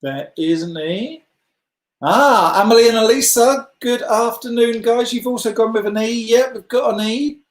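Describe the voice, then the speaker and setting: A man's voice: very high-pitched, moderate pace. A man leading a children's club, hosting a letter-guessing game over a video call, chatty and encouraging as he praises players by name. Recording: roomy echo.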